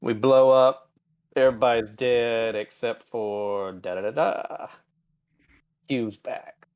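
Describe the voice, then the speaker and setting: A man's voice: mid-range voice, slow pace, a little mellow, smooth, dry recording. A middle-aged man co-hosting a live-stream podcast, talking bluntly and sarcastically with plenty of profanity. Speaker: podcast co-host. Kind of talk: casual live-stream chat.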